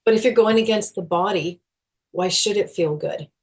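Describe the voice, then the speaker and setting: A middle-aged woman speaking as a guest in a podcast interview, earnest and animated, with frequent small laughs and fillers. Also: medium pitch, normal speed. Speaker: guest, movement educator.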